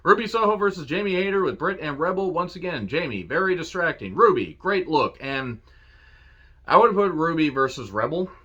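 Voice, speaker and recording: A man giving a casual solo review of a wrestling show, cursing freely, laughing and quoting promo lines with excitement. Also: on the high side, a little fast, husky, lo-fi sound. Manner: profane, enthusiastic, laughs and quotes lines.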